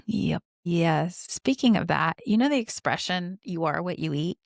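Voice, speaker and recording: A woman podcast host with a low, gravelly voice, talking casually with her co-host and reading passages in a slow, deliberate way. The sound is close and dry, with no room around it. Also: expressive, no echo. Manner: reads passages slowly and deliberately.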